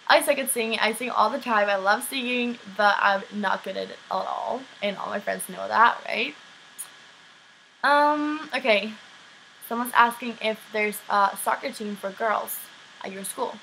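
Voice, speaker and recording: The recording is low quality with a little hiss or hum. A teenage girl from Sweden, an exchange student vlogger with a light Swedish accent, casually goes through viewer questions, constantly saying "um" and "like." Her mid-range voice is gravelly, pushed and bright, and she talks a little slowly.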